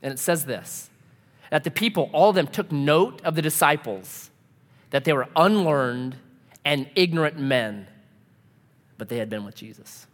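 A man's voice: on the high side, lively intonation, a little slow, long pauses. A man preaching a sermon, telling a personal story and acting out the dialogue with laughs. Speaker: pastor. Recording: long hall reverb.

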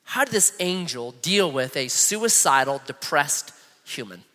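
A man in his thirties delivers a sermon as an animated storyteller, acting out the quotes from the story. His voice sits high and bright, with wide swoops in pitch. It rings out through a large hall with a long reverb. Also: a little slow. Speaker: pastor.

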